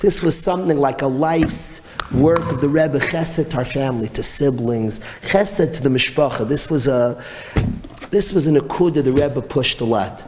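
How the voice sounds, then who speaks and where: A man teaching a Torah class as a rabbi, telling stories in an animated way and mixing in Hebrew and Yiddish terms. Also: mid-range voice, normal speed. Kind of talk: storytelling Torah lecture. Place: yeshiva hall. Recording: reverberant hall with faint noise.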